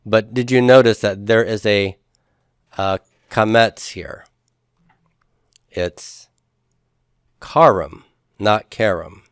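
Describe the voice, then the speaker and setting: Low, clear-voiced man teaching class. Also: steady tone, slow, long pauses, no echo, studio quality. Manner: patient, explains step by step, asks the class questions. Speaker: Hebrew instructor. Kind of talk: classroom lecture on grammar.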